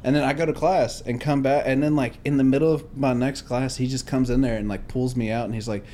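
A man's voice: medium pitch, steady tone, a little fast, warm tone, slight background noise. A young man hosting a podcast, talking casually and bluntly with heavy swearing. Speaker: podcast host. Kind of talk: casual profane chat.

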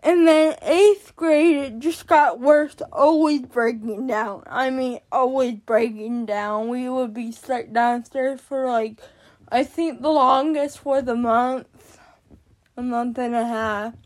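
A woman's voice: high voice, fairly even intonation, slow, darkish tone. A woman hosting a podcast, telling a personal story in casual talk, exasperated and swearing now and then. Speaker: podcast host.

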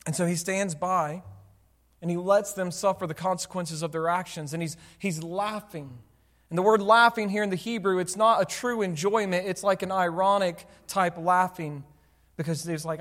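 A man's voice: high-pitched, moderate pace, a bit bright. A man preaching a sermon to his church, talking conversationally and asking the congregation rhetorical questions. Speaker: pastor. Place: church sanctuary. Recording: long hall reverb.

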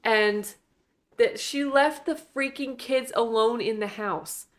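A woman's voice: a little high, takes it slowly. A woman co-hosting a casual podcast, giving emphatic, exasperated commentary. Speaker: podcast co-host. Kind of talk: casual movie chat.

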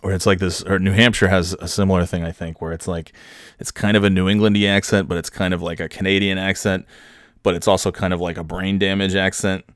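A man from New York rambles through a story in a casual, joking way, full of "uh"s and "like"s. His voice is low and the sound is dry and close, with no room around it. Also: level tone, fast talker, dry recording. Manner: rambling, joking, many fillers. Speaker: vlogger.

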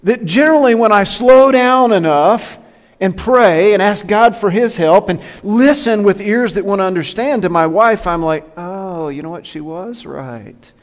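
A man preaching a sermon to a church, joking and animated, now and then slipping into impressions. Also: sits high, moderate pace, big-room sound. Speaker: pastor. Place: church sanctuary.

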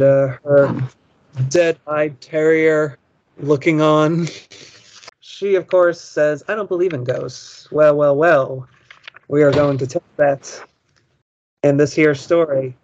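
A man with a voice on the high side co-hosts a podcast, reading a children's ghost story aloud and rambling into wry, joking asides. It's casual podcast chat, mixing reading with commentary, and the recording is muffled.

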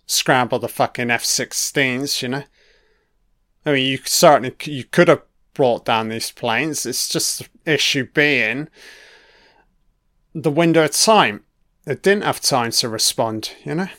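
Man, mid-pitched, dry sound; casual reaction commentary, blunt and profane, muses out loud. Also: measured pace, no room sound. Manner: profane, blunt, thinking aloud. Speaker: commentator reacting to archival broadcast.

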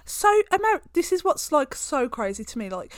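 A woman's voice: high voice, big pitch swings, moderate pace, no room sound, clean studio sound. A young woman from the UK, chatting casually and laughing often as she tells a story. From United Kingdom. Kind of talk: casual chat.

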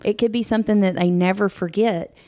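A woman's voice: mid-range voice, fairly even intonation, a little fast, warm tone. A woman co-hosting a podcast who speaks in a supportive, reflective way in casual chat. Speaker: podcast co-host.

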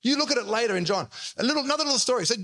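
Aussie pastor guy preaching, high bright voice, acts out the quotes. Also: animated, racing. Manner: storytelling, acting out quotes in shifting voices. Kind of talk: sermon.

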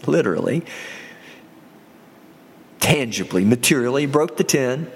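A man teaching on scripture in a podcast sermon, reading slowly and deliberately with frequent chuckles. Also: medium pitch, in a large hall.

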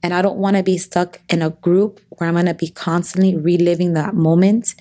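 A woman in her thirties speaks as a guest in a heartfelt podcast conversation, her voice sitting a little low. She talks earnestly and openly, often breaking off and restarting her sentences. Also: steady tone, brisk, warm tone.

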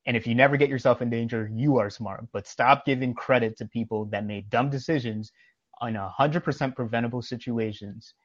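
A man's voice: mid-range voice, fairly quick, no room sound, muffled recording. Emphatic man telling street stories. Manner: emphatic, preachy, tells anecdotes with quoted dialogue. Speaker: podcast co-host. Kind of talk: casual podcast storytelling.

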